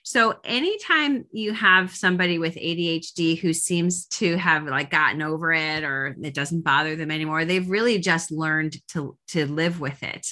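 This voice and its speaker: Chatty woman coach, bright voice. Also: sits low. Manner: chatty, many fillers and restarts. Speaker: parenting coach leading a group. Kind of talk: casual group coaching talk.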